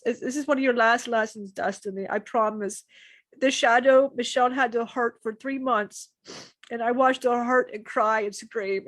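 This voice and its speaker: A woman channeling a spiritual message, speaking in an emotional, halting way with many restarts and repetitions. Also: sits high, no echo.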